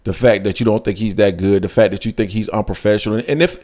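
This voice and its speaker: A man's voice: on the low side, steady tone, fast talker, darkish tone. A man hosting a sports talk show, chatting casually and pushing his points emphatically with sudden jumps in his voice. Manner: emphatic, rises sharply when making a point.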